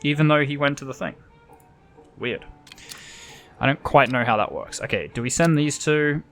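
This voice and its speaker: A man's voice: medium pitch, normal speed, a bit bright, faint music behind. A man playing a story game, reading its text aloud and adding casual, offhand comments. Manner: casual, offhand, muttering asides. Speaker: gamer.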